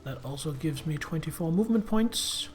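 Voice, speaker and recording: A man narrates his game turns live, muttering through his moves and then bursting out excitedly, with a very lively pitch. Faint game music sits under his voice. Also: moderate pace. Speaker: game streamer. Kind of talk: live gameplay commentary.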